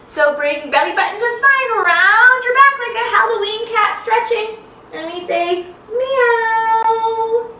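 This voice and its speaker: A woman's voice: very high-pitched, lively intonation, normal speed, bright, forceful tone, reverberant, recorded from a distance, a little hiss or hum, rough recording. A young woman leading a children's yoga lesson, playful and sing-song, making animal sounds as she teaches.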